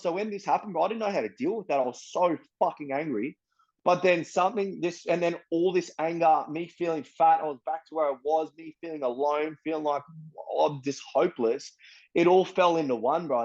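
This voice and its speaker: Aussie guy, blunt and sweary, says bro a lot, slightly high voice, kinda muffled lo-fi sound. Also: a little fast, a little mellow. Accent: Australian. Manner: blunt and profane, peppered with "bro" and "you know what I mean". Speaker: interviewee. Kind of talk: candid personal storytelling.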